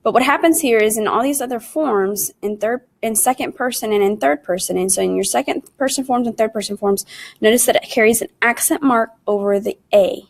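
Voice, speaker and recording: A woman's voice: fairly high pitch, fairly quick, creaky. Woman teaching a Spanish lesson. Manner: patient, explains step by step and often calls the class "guys"; says English with Spanish words and conjugations mixed in. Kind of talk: recorded online lesson.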